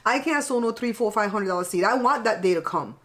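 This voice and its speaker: A woman's voice: mid-range voice, fairly quick. Middle-aged woman, blunt and frank, laughs often, casual chat over a meal. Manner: blunt and frank, plain-spoken with mild cursing; chatty and animated, often laughing. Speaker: channel host. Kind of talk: casual chat while eating.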